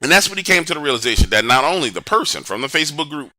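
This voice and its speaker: A man telling a first-person scary story in an animated, conversational way, with dramatic pauses. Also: fairly high pitch, dry recording, studio quality. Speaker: horror storyteller.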